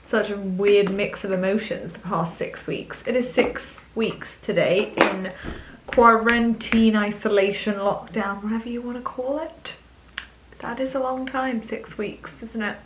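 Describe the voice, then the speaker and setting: A young woman vlogging at home in a chatty, giggly, excitable way. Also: mid-range voice, slow pace, a little hiss or hum, rough recording. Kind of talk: casual vlog chat. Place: at home indoors.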